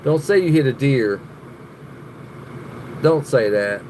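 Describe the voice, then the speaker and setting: A man's voice: mid-range voice, lively intonation, takes it slowly, a little mellow, slight background noise. A man hosting a live stream, chatting casually with viewers, swearing a lot, laughing often and rambling.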